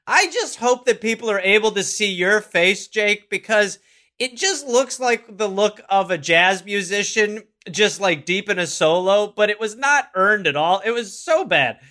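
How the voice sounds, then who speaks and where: Guy cohosting a comedy podcast, teasing, really animated bouncy voice. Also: high voice, a little slow. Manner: playful, teasing, bursts of loud laughter-laced protest. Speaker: podcast co-host. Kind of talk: casual comedic chat.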